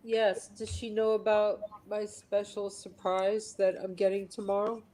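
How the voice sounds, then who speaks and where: A woman caller speaks in a warm, mellow voice. She talks softly and haltingly while receiving a reading. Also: mid-range voice, flat delivery, rough recording.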